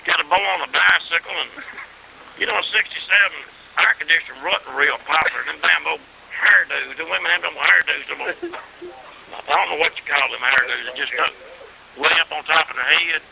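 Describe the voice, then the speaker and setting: A man's voice: fairly high pitch, fairly quick, vocal fry, a little hiss or hum, rough recording. A middle-aged man, telling a rural story in a salty, folksy way, with plenty of cussing. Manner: salty rural storytelling, cussing, grows loud and excited with laughs.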